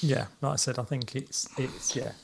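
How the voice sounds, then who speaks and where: A man co-hosting a casual podcast chat, speaking in a measured way with hesitant restarts. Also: medium pitch, fairly even intonation, creaky, crowd noise. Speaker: podcast co-host. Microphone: headphones on a remote call.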